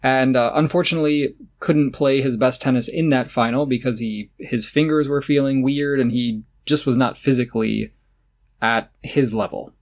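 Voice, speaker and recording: A man's voice: medium pitch, steady tone, normal speed. A man co-hosting a podcast in casual chat, opinionated and sarcastic, often laughing as he talks. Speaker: podcast co-host. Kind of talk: casual chat about tennis.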